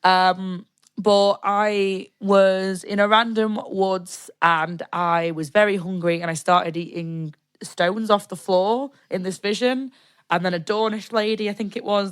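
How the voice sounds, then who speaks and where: A woman's voice: on the low side, clear, resonant tone. A British woman co-hosting a podcast, chatting casually and recounting a live-action role-play event with lots of laughter and acted-out quotes. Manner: animated storyteller, laughs often, acts out quotes. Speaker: podcast co-host.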